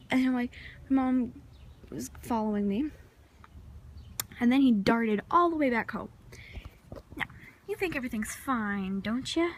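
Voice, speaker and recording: A teenage girl vlogging outdoors in her neighborhood, telling a rambling, excitable story into a handheld phone camera. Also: fairly high pitch, slight background noise. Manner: excitable, rambling, many restarts and fillers. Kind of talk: casual storytelling vlog.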